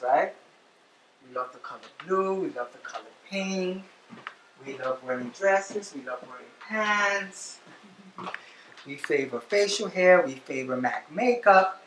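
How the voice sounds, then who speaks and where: A woman hosting a cooking show, chatty and flamboyant, talking viewers through a recipe in her kitchen. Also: lowish voice. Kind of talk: cooking demonstration. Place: home kitchen. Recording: roomy kitchen, distant mic, noisy.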